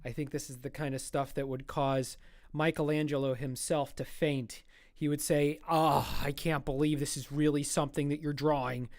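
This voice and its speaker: A man's voice: a little high, flat delivery, normal speed, darkish tone, dry recording. A man chatting casually while drawing on a livestream, rambling and joking at himself. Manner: rambling, self-mocking, chatty. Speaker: streamer and artist.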